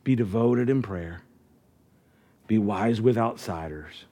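A man's voice: lowish voice, slow pace, long pauses, warm tone. A middle-aged man preaching a sermon as pastor, earnest and conversational, often restarting his phrases.

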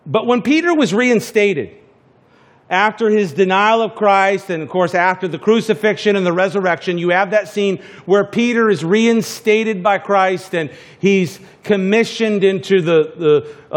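High-voiced man preaching a sermon. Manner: conversational preaching with many restarts and asides. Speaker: pastor.

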